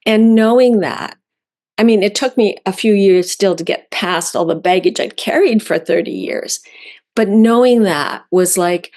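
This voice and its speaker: A woman from Canada, an author telling a heartfelt personal story, slowing down on key words. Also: mid-range voice, darkish tone. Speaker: author guest.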